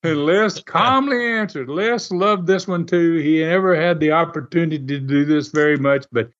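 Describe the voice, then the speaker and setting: A man with a somewhat high voice tells stories in a loose, animated way, chuckling often as he goes. The audio is muffled and lo-fi. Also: normal speed. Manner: animated, laughs often, acts out quoted voices. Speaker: guest recounting wrestling TV history. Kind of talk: casual storytelling.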